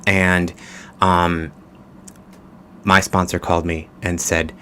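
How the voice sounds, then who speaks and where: Deep-voiced man chatting reflectively. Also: takes it slowly, slight background noise. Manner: relaxed, reflective, with many fillers and restarts. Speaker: podcast guest. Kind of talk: casual conversational storytelling.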